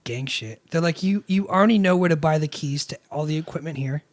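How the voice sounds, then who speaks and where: A man's voice: a little high, fairly quick, no echo. A young man co-hosting a casual chat over beers, joking wryly and teasing his friend. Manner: wry, teasing, laughs often. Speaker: podcast co-host.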